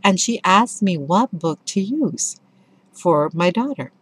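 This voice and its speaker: A woman's voice: lowish voice, lively intonation, slow pace, slightly rough, dry recording. A middle-aged woman giving a casual spoken book review, telling stories with enthusiasm and expression.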